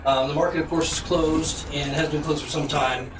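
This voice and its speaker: Male game master, halting narration, faint roomy sound heard from a distance, with noise behind. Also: a little high, steady tone. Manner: halting, many ums and restarts. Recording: echoey room, mic at a distance.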